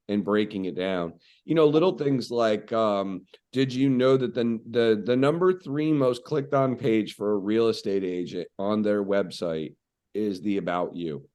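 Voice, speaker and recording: Male podcast guest, business coach; lowish voice, anecdotal, relaxed delivery with fillers. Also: unhurried, smooth. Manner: storytelling, animated, frequent fillers. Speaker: guest, real estate coach. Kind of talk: conversational podcast interview.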